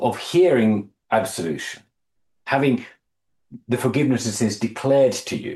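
Low-voiced man teaching a Bible study. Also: dark tone. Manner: thoughtful, halting restarts, reads scripture aloud and quizzes listeners. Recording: echoey room.

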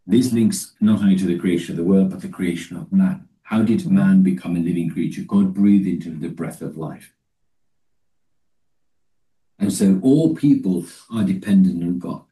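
A man giving a Bible teaching talk, halting and restarting often, and reading scripture slowly and deliberately. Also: low-pitched, dark tone, distant mic, poor audio. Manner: halting, with many restarts and fillers. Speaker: preacher.

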